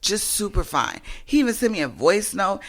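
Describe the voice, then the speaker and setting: A woman's voice: mid-range voice, very animated, moderate pace. A woman co-hosting a podcast, bluntly and profanely retelling a dating story and acting out both sides of each exchange. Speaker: podcast co-host. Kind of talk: casual storytelling chat.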